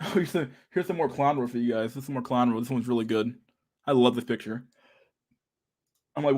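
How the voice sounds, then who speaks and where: A man's voice: medium pitch, expressive, normal speed, pauses often. A man hosting a podcast in a casual, rambling rant, swearing constantly and laughing often. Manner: profane, rambling, says dude a lot, laughs often. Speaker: podcast host. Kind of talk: casual ranting chat.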